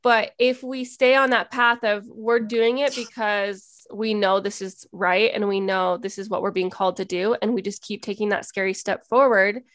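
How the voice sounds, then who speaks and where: A woman hosting a casual interview conversation, enthusiastic and affirming, talking quickly in eager bursts. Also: mid-range voice, fairly even intonation, fairly bright tone, no echo, studio quality. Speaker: podcast host and business owner.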